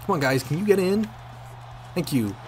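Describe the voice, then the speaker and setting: A man commentating on his own gameplay, excitable, swearing and yelling at the game. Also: high voice, normal speed, soft background music. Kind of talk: let's play commentary.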